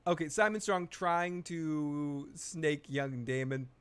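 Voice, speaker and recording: A man's voice: on the high side, takes it slowly, clear, resonant tone. A man hosts a live recap show in a loose, rambling way, cracking crude jokes as he retells each scene. His voice sits a little above the usual for a man. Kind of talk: casual live recap commentary.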